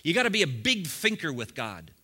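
A man delivers a sermon in a very bright, ringing voice pitched a little high. He swings between quiet, conversational asides and loud, fiery exhortations, chuckling often along the way. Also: sing-song, a little fast, husky. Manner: preaching with rising bursts and chuckles. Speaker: pastor.

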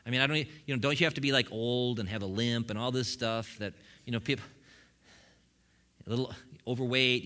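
Middle-aged male pastor, bright and forceful, animated sermon storyteller. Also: mid-range voice. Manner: animated storytelling with humorous asides. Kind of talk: sermon testimony.

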